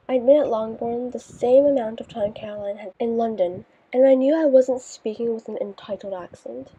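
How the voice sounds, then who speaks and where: Husky, dark-voiced woman narrating an audiobook. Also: on the high side, fairly quick. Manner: wry, deadpan. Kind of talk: first-person audiobook narration. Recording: dull lo-fi recording.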